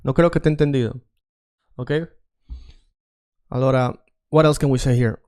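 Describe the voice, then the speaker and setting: Smooth-voiced man drilling phrases. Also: mid-range voice, fairly even intonation, moderate pace, darkish tone. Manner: repeats phrases for drilling, coaxing learners to say them along. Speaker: Spanish teacher. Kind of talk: language drill lesson.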